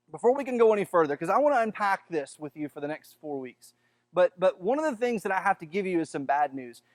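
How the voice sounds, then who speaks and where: Conversational Southern pastor, high voice. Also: male voice, no room sound. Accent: Southern American. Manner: conversational, repeats words, acts out quoted voices. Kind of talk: sermon.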